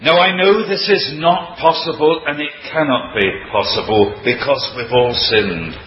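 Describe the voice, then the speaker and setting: A man delivers a sermon slowly and deliberately, his fairly high voice rising and falling dramatically for emphasis. The recording is dull and lo-fi, with a faint hiss under it. His voice rings out through a roomy hall. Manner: emphatic, dramatic preaching with wide swings in pitch. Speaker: preacher.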